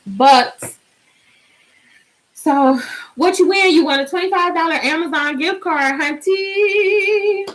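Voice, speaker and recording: A woman's voice: extremely high pitch, takes it slowly, pauses often, fairly bright tone, rough recording. A woman hosting a casual live stream, chatty and bubbly, sleepy and singing out little cheers.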